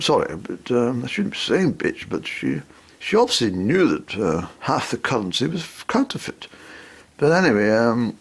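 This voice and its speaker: A man telling a rambling comic story, hesitating with lots of ums, in a raspy, creaky voice. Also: medium pitch.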